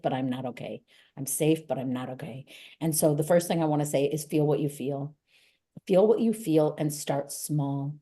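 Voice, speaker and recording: A woman's voice: deep voice, warm tone. A middle-aged woman, a guest author, speaking earnestly and encouragingly in an interview. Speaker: guest, author and gym owner. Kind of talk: motivational interview talk.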